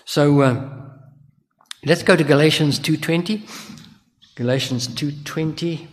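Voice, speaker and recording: An older male minister delivers an earnest sermon, asking the congregation question after question. His voice sits a bit higher than most men's. A long reverb trails every phrase. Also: measured pace, long pauses.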